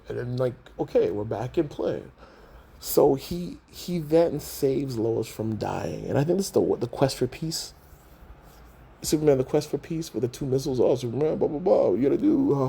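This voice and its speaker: A man hosting a podcast, ranting in a casual, animated way, swearing a lot and acting out characters in mock outrage. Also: medium pitch, vocal fry, husky. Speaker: podcast host. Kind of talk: casual movie rant.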